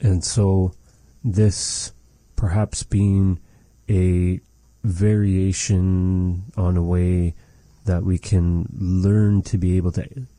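A man with a low, dark voice gives a language lesson at an unhurried pace. He speaks in a measured way and repeats each phrase so it can be copied. The sound is dry and close. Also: little pitch movement, no echo. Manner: measured, repeats phrases slowly to model them. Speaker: language teacher.

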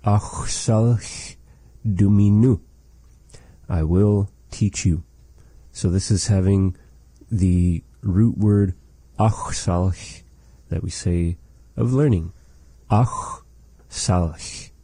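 A man teaching a language lesson, patiently saying phrases slowly and repeating them for practice. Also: low voice, mellow, no room sound.

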